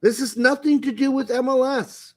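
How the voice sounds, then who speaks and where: A man's voice: very high voice, fairly even intonation, normal speed. A man co-hosting a soccer podcast, speaking bluntly with casual swearing and joking asides. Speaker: podcast co-host.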